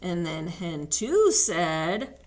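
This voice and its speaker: Librarian lady reading a picture book to little kids, slow and super animated, asks them questions. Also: fairly low pitch. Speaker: children's librarian. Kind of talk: children's story time read-aloud.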